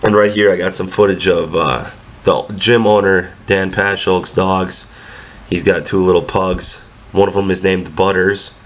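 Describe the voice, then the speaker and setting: A young man who vlogs about powerlifting talks over clips of his workouts, easygoing and plain-spoken. Stuffed up from a cold, he keeps a deep voice at a steady, measured pace with hardly any rise or fall.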